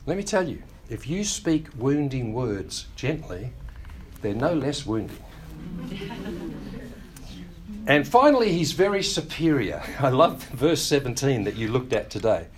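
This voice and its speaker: This male preacher's mid-range voice has a sing-song quality as he teaches a sermon in a conversational manner, with wry asides and quick impressions of other people's words.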